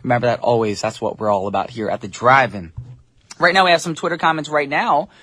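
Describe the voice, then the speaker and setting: A man's voice: mid-range voice, sharp tone, slightly rough, no room sound. A man hosting a morning radio show from the studio, chatting casually and upbeat with listeners. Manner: upbeat, chatty, quick asides. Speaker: radio DJ host. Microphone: studio mic.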